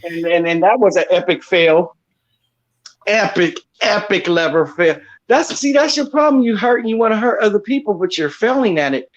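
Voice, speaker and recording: High-pitched guy roasting someone, lots of cursing, dull dry lo-fi audio. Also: normal speed, dry recording. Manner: loud mocking rant, heavy cursing. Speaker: online show host roasting a rival. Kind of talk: profane roast rant.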